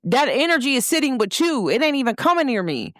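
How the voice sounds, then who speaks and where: A young woman hosts her own show, talking her listeners through a casual pep talk. Her voice sits a little high and swings widely in pitch as she leans on her points. The sound is dry and close. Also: big pitch swings, fast talker, a bit bright, no echo. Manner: emphatic, talks straight to listeners. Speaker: host. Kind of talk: casual motivational monologue.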